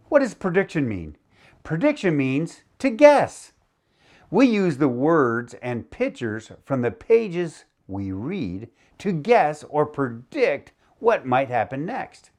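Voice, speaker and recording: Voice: mid-range voice, wildly swooping pitch, slow, a little mellow, soft background music. An encouraging teacher reading a picture book aloud to young children, stopping to ask them to repeat new words. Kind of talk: interactive read-aloud lesson for young children.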